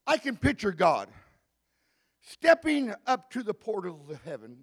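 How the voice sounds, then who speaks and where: A man preaching a sermon in a church, rising to shouted, drawn-out climaxes between joking asides. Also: high-pitched, wildly swooping pitch, gravelly, breathy edge. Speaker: pastor. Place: church hall. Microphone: handheld mic.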